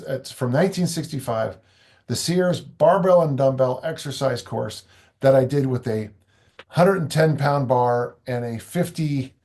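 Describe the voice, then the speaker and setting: Older male coach, conversational and rambling, mid-pitched. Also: a little mellow. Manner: rambling, frequent restarts and asides. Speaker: strength coach and author. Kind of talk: casual interview talk.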